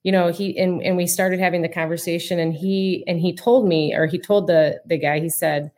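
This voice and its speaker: Low-voiced woman chatting casually. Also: fairly even intonation, moderate pace, darkish tone. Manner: rambling, many restarts and ums. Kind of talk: casual chat.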